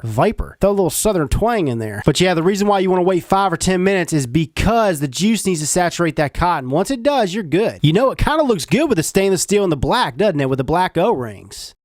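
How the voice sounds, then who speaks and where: A man's voice: high voice, darkish tone, dry recording, clean studio sound. A man giving a casual, slangy product review, talking the viewer through a device.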